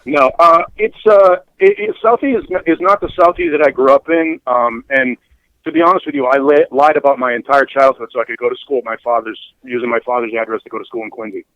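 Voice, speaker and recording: A man's voice: mid-range voice, fast, dry recording, muffled recording. A man from South Boston with a Boston accent, telling profane, sardonic stories as a radio DJ guest in a casual podcast chat. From South Boston, Massachusetts.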